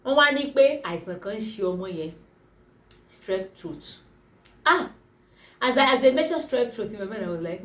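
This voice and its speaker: A woman with a Nigerian accent reviewing a movie in a casual vlog, talking in an exclamatory, animated way. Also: on the high side, normal speed, pauses often. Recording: roomy, distant mic.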